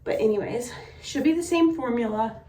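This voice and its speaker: Young woman, slightly out of breath, chatty vlogger, bit high voice, echoey room, mic set back. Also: moderate pace, warm tone. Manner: chatty, friendly, many fillers like "like" and "um". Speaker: beauty vlogger. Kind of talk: casual hair tutorial. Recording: roomy echo, mic a bit distant.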